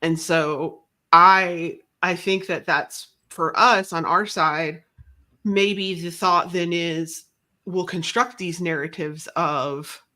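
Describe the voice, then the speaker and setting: A woman's voice: fairly low pitch, fairly even intonation, takes it slowly, sharp tone. A woman guest talking casually in an interview, rambling and self-deprecating, often restarting her sentences. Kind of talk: casual conversation.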